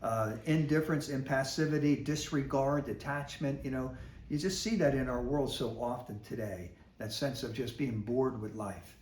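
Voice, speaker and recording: A man's voice: medium pitch, normal speed, a little mellow. A middle-aged man, a parish priest, giving a casual, conversational reflection with lots of fillers and asides. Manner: folksy and conversational, with many fillers. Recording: echoey room with faint noise.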